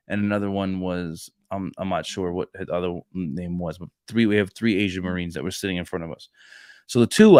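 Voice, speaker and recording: A man in his thirties co-hosting a podcast, chatting casually about faith and telling stories with lively acted-out dialogue. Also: lowish voice, smooth, no echo, clean studio sound. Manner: animated storyteller who acts out dialogue and restarts often. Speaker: podcast co-host. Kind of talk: casual faith chat, storytelling.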